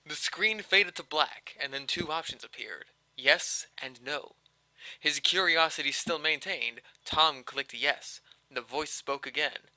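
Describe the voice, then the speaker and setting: A man reading a fan story aloud to friends on a voice call in an animated, quick way, with joking asides. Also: a little high, no room sound, rough recording. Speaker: story reader.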